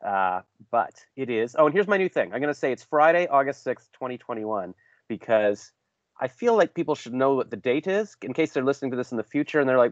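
A man's voice: mid-range voice, expressive, quick pace, fairly bright tone, no room sound, muffled recording. A man hosting a casual interview over a video call, rambling and joking at his own expense. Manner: rambling, self-deprecating, jokey. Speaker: podcast host.

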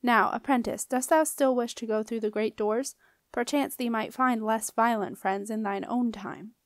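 A woman's voice: on the high side, steady tone, normal speed, no echo, close to an everyday voice. A woman reading the part of a lanky male alchemist who speaks in an archaic, formal way, in a dry recording. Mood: courtly. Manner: old-fashioned formal speech.

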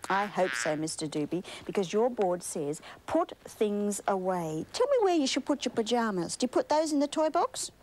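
A woman's voice: mid-range voice, animated, brisk, hardly any pauses, a little mellow, poor audio. An Australian woman hosting a children's TV show, coaxing and sing-song, full of tag questions for young viewers. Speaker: children's TV host.

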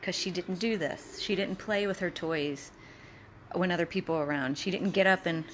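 Soft-spoken chatty woman, rescue volunteer. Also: fairly low pitch, moderate pace, a little hiss or hum. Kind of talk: casual video update. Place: indoor room at a dog rescue. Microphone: handheld camera.

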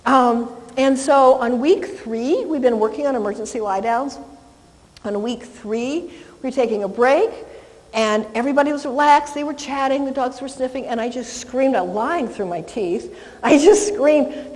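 An animated woman dog trainer talks a class through handling reactive dogs, her voice sitting slightly high. She is casual and chatty, and the sound carries a long hall reverb. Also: moderate pace. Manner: chatty, animated, praises the dog in a soft coo. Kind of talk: live class instruction.

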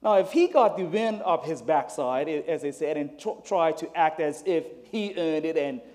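A man's voice: fairly high pitch, animated, normal speed, a little mellow. A man in a church Bible class, talking conversationally and explaining his point through a personal example. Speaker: class participant. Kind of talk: church Bible lesson discussion. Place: church sanctuary.

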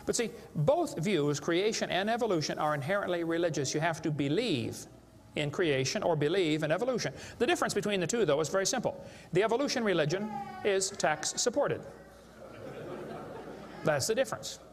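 High-voiced man lecturing in a hall. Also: expressive, a little fast. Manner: joking, emphatic storyteller who plays to the crowd. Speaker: creationist speaker. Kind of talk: live seminar lecture to an audience. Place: large hall with a live audience. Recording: echoey hall with faint background noise.

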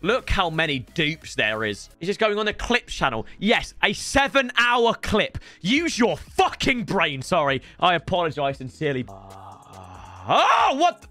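A man's voice: on the high side, wildly swooping pitch, measured pace, hardly any pauses, faint music behind. Tired sweary streamer guy. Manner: sweary, tired banter, sudden shouts. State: tired after hours of streaming. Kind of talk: casual live-stream chat. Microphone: headset.

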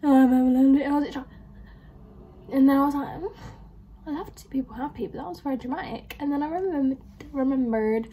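Young woman, reaction vlogger, bubbly rambling anecdotes, slightly raised pitch. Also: racing, long pauses, dull audio. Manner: chatty, animated, laughing through stories. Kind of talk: casual reaction vlog storytelling.

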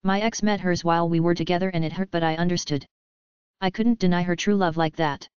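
A woman's voice: on the low side, steady tone, brisk, darkish tone, smooth, dry recording, highs cut off, natural voice. A woman voicing an eager, earnest young male werewolf heir in an audiobook.

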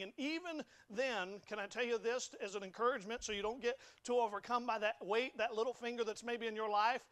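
A young adult pastor preaches a sermon in a church sanctuary with a high, slightly bright voice. His delivery is folksy and emphatic, and he often stammers and repeats words.

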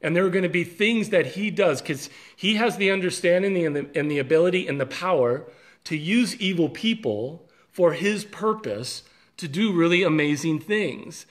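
A man's voice: high voice, expressive, moderate pace. A man speaking as a pastor, giving an earnest, conversational devotional talk with small restarts.

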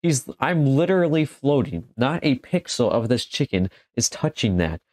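A man's voice: mid-range voice, sing-song, normal speed, darkish tone, no echo, clean studio sound. A man giving casual let's-play commentary, joking and exclaiming as he talks back to the game. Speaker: gaming commentator.

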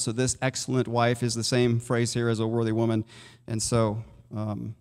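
A man's voice: mid-range voice, monotone, normal speed, darkish tone, clean tone, in a large hall. A male pastor preaching a sermon in a conversational way, asking his listeners questions. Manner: conversational, asks the congregation questions. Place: church sanctuary.

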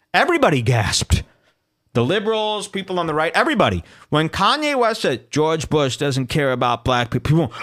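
A man's voice: fairly high pitch, fairly bright tone. A man hosting a solo podcast, delivering incredulous, ranting commentary and reading social media posts aloud. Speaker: podcast host.

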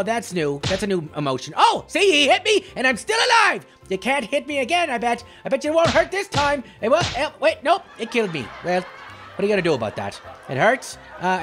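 A man voicing a clumsy, short-tempered male leprechaun with a put-on Irish accent, giving boastful, shouty commentary on a game. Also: very high voice, full character voice. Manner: giddy, boastful, shouty taunting. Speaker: gameplay commentator.

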